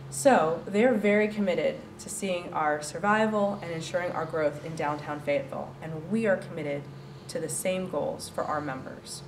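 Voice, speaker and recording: Woman presenter, animated and joking, low voice, heard from a distance in an echoey room. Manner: chatty, joking, animated, laughs often. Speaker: coworking space director pitching to an audience. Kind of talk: lively presentation. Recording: roomy and distant with faint noise.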